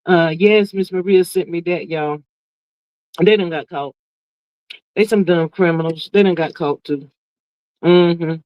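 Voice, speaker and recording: Woman, livestream host, sassy, drawn-out delivery, casual chat, dry close sound, muffled lo-fi. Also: on the low side, no echo. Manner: sassy, drawn-out, peppered with "child" and "honey". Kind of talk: casual livestream chat reading viewer comments.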